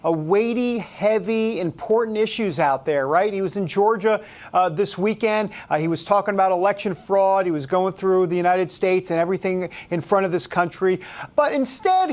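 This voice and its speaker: A man's voice: high voice, lively intonation, moderate pace. A man hosting a talk show, giving sarcastic, incredulous commentary. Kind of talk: opinion commentary.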